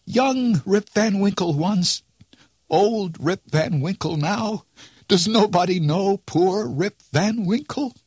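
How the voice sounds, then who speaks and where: A man voicing a bewildered old man who has lost twenty years, in a halting, pleading way. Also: sits high, animated, a little mellow, husky, no room sound, clean studio sound, pitched above the performer's own voice, full character voice.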